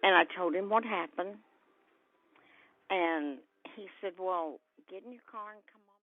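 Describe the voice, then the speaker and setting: A woman's voice: lowish voice, a little slow. An older woman being interviewed as a guest, telling a long story and acting out what people said. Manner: lively storyteller who acts out quoted voices. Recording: tinny phone-like sound.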